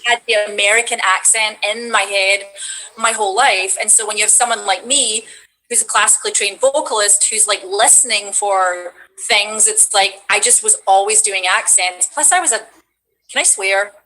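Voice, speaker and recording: A woman's voice: medium pitch, normal speed, sharp tone, a little hiss or hum, rough recording. A woman, a voice actress, chatting casually as a guest over a video call in a self-mocking way, with lots of fillers. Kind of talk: casual chat.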